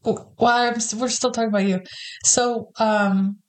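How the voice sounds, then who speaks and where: A woman's voice: fairly high pitch, fairly even intonation, measured pace, low-quality recording. A woman in her thirties hosting a podcast, teasing and swearing in casual chat as she prods her guest with questions. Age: 30s. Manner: teasing, profane, pushy interviewer. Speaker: podcast host.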